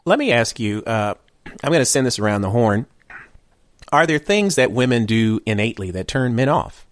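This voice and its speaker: A man's voice: mid-range voice, expressive, moderate pace, dry recording, clean studio sound. A man hosting a podcast in casual chat, asking questions and guiding the conversation. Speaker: podcast host.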